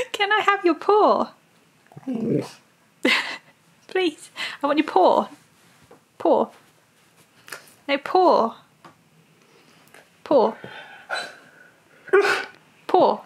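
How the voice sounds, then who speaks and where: A woman's voice: high voice, vocal fry. A woman coaxing her dog through tricks, playful and laughing often, repeating short commands. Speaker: dog owner and trainer. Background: dog sounds.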